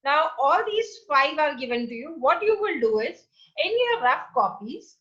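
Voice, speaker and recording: A woman with a high, bright voice and an Indian English accent teaches a class of children over a recorded lesson. She goes slowly and patiently, repeating each example and spelling out the letters. The sound is a little muffled and lo-fi, as from a laptop mic. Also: very animated. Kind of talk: recorded online grammar lesson. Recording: slightly muffled lo-fi audio.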